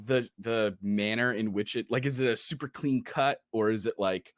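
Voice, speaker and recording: A man's voice: on the low side, moderate pace, dry recording, clean studio sound. A man playing a superhero in a tabletop game, joking and laughing often, filling sentences with "like". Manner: jokey, laughs often, lots of "like". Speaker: player. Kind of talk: casual tabletop role-play.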